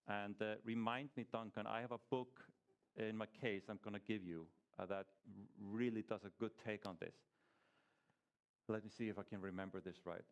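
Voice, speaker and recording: At a fairly low pitch, the man leads a casual teaching session for a small church group, asking them questions throughout and regularly restarting what he's saying.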